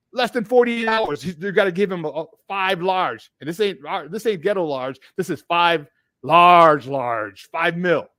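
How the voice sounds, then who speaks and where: A man hosting a casual sports talk show, animated and laughing often. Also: high-pitched, no room sound.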